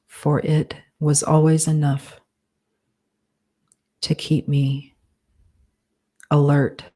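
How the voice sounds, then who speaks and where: A woman with a low, mellow voice dictates her novel at an unhurried pace. She reads out every punctuation mark in a flat, even tone. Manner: speaks punctuation marks aloud, measured and deliberate. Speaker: author.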